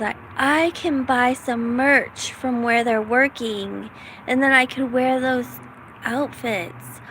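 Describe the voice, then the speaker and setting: A woman's voice: on the high side, takes it slowly, fairly bright tone, a little hiss or hum, poor audio. A middle-aged woman from the United States, rambling casually in a self-deprecating vlog with lots of fillers. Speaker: vlogger.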